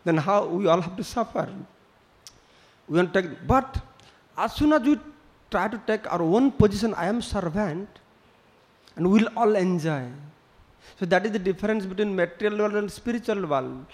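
Male preacher, high pitch, storytelling sermon. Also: animated, moderate pace. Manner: storytelling with acted quotes, non-native English phrasing. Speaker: spiritual teacher.

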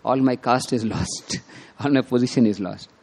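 A proud young wife with a sharp tongue, scolding and sneering in a raised voice, a man doing her in a retold temple story. She is cutting and quick to take offense. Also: on the high side, very animated. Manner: scolding, sarcastic, louder than his narration.

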